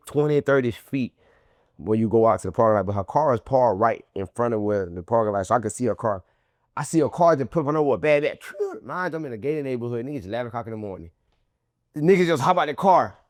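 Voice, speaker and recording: Interview guest, male, animated storyteller, heavy slang, dry close mic. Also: mid-range voice, no echo. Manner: animated, profane street slang, acts out quotes. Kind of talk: casual storytelling.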